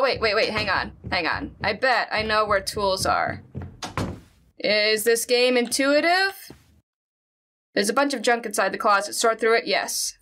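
A woman gamer with a fairly high voice, reading a horror game's story aloud. She breaks in with quick, jumpy reactions and chatty asides between the lines she reads. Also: a bit bright. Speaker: let's play gamer. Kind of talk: let's play commentary, reading game text aloud.

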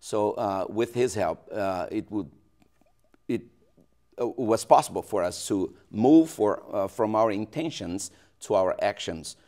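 Pastor, male, Brazilian Portuguese accent, very low voice, halting interview speech. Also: lively intonation, a little mellow. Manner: hesitant, many restarts and fillers. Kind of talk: local TV interview.

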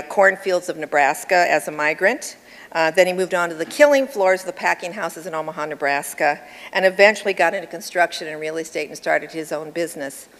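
Lowish-voiced woman giving an acceptance speech. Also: a bit bright. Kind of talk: acceptance speech at an awards event. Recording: long hall reverb with crowd behind.

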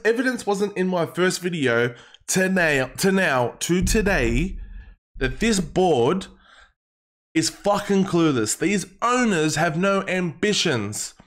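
Young guy raging about his club, high voice, swears every other word, keeps repeating himself. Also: expressive, slow pace, a bit bright. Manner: heated, swearing, emphatic and repetitive. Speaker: football fan vlogger. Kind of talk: angry fan rant to camera.

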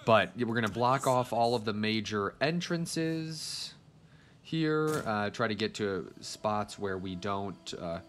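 A man's voice: fairly low pitch, expressive, slow pace, fairly bright tone, slight background noise. A man giving casual gameplay commentary as a video host, chatting straight to his viewers.

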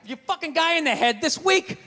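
A man doing stand-up comedy, brash and profane, ranting at a live audience in a roomy hall with a loud crowd. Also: very high-pitched, lively intonation, brisk, a little hiss or hum.

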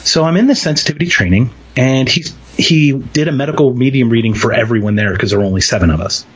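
A man from Philadelphia, an interview guest, telling a personal story in a lively way and acting out the quoted voices. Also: medium pitch, quick pace, slightly rough, lo-fi sound. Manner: animated storyteller, acts out quotes.

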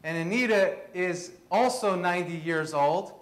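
A man in his thirties from Queens, giving an animated storytelling presentation. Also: high-pitched, measured pace. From Queens, New York. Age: 30s. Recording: echoey room.

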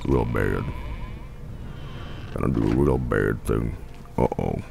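A man putting on a slow, gloomy, foreboding low voice as if narrating his own misdeed. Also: creaky, background noise, exaggerated voice.

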